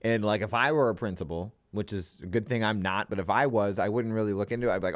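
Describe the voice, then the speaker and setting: Young guy rambling on a podcast, swears a lot, kinda low voice, dry close sound. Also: fast talker, hardly any pauses, dry recording. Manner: rambling, profane, laughs often. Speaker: podcast co-host. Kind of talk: casual chat.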